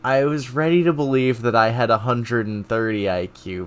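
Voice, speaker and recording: A man's voice: mid-range voice, normal speed, few pauses. A man streaming live, thinking aloud in a self-mocking casual way while taking quizzes.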